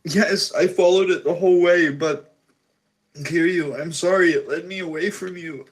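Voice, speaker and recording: A man's voice: medium pitch, moderate pace, pitched above the performer's own voice, lightly acted. A man voicing a weeping young woman, a captive sister, who apologizes and pleads through tears in a tabletop game. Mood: apologetic.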